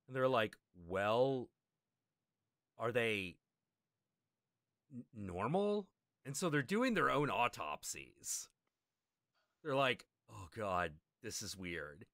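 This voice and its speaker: A man's voice: medium pitch, slow pace, long pauses, no echo, clean studio sound. A man hosting a stream, telling a long anecdote in casual chat and acting out the people in it. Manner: animated, acts out quoted characters. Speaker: stream host telling a story.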